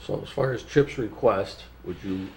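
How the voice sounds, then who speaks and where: Plain-spoken low-voiced man. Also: moderate pace, vocal fry, a loud crowd, rough recording. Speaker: village trustee. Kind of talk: public budget meeting.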